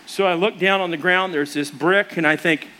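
Male preacher, high and bright, chatty storyteller who acts out every voice. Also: normal speed. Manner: conversational, with fillers and restarts. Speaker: pastor. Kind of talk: storytelling sermon.

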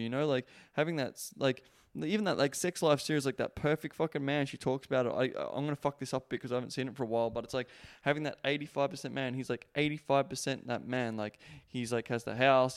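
A man's voice: mid-range voice, vocal fry, smooth, dry recording, clean studio sound. A young man hosting a solo podcast, talking in a rambling, profane way full of fillers. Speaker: podcast host, sex coach. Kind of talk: casual solo podcast monologue.

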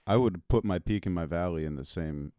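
Man, deep voice, smooth, relaxed podcast guest, dry. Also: fairly quick, dry recording. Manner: relaxed, agreeable, many fillers, profane. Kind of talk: casual chat.

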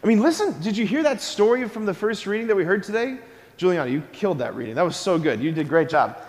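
Priest, male, high pitched, energetic homily with call-and-response, long church reverb. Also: quick pace. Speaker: Catholic priest. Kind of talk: homily at a school mass.

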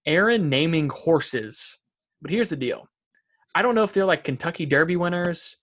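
A man's voice: fairly high pitch, animated, moderate pace, fairly bright tone. A man co-hosting a podcast, chatting casually and reading out funny quotes from a show with a laugh. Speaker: podcast co-host. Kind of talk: casual chat.

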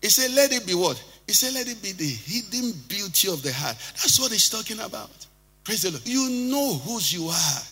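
A man preaching a sermon as pastor, swinging from loud shouting to quiet, low passages. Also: big pitch swings, fairly quick, breathy edge. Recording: music behind, long hall reverb.

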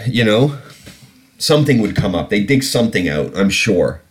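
A man's voice: fairly low pitch, expressive, a little fast. A British man hosting a podcast, ranting bluntly and profanely about politics. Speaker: podcast host. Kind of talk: casual ranting commentary.

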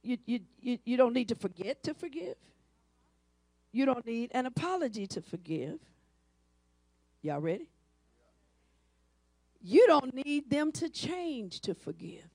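A woman pastor preaching a sermon, swinging between hushed asides and shouted lines. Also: on the high side, sing-song, a little slow, long pauses, no echo. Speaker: senior pastor.

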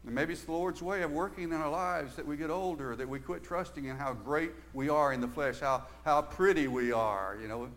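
An older man preaching a sermon, earnest, moving between emphatic stresses and quiet, hushed stretches. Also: on the high side, a little fast, hardly any pauses. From Southern United States.

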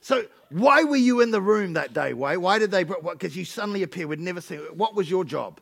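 A man's voice: high-pitched, expressive, brisk, vocal fry, fairly bright tone. A man, preaching and telling a story with energy, often repeating words as he builds up. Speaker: pastor. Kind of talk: sermon storytelling.

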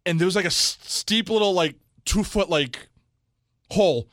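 A young man, co-hosting a casual chat show and telling a story with lively quoted voices and frequent laughter. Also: high-pitched, normal speed, dry recording, clean studio sound. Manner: animated storyteller, acts out quotes, laughs often. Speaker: podcast co-host.

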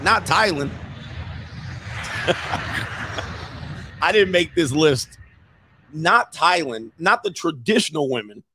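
A man hosting a casual commentary show, reacting to a list with jokes and loud exclamations. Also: on the high side, sing-song, takes it slowly, pauses often, breathy edge.

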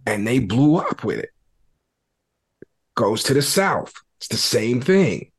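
A man hosting a podcast, laying out his theories in a thoughtful, relaxed conversational way. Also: mid-range voice, slow pace, slightly rough. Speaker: podcast host. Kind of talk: casual conversation about hip-hop.

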